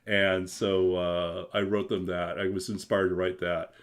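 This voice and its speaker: A man reading his own children's story aloud in a gentle, expressive storytelling manner, then chatting casually with his stream viewers. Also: unhurried. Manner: expressive, gentle storyteller who swings his pitch a lot.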